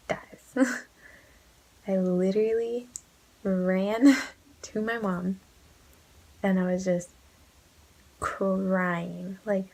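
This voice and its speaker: Gushing young woman with a soft, husky voice. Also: medium pitch, low-quality recording. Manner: gushing, emotional, swears casually, drops to whispers. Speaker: book vlogger. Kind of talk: casual book review vlog.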